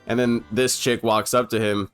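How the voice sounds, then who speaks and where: A man's voice: medium pitch, level tone, normal speed, clear, resonant tone, faint music behind. A young man giving casual, comedic commentary over an old film, irreverent and profane, laughing often.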